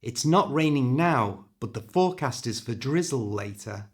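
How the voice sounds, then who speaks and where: A man reading aloud plays a no-nonsense British mum in a storybook, brisk and a little exasperated. His own voice stays close, with lively pitch. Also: breathy edge. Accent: British English. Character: exasperated mother on family holiday.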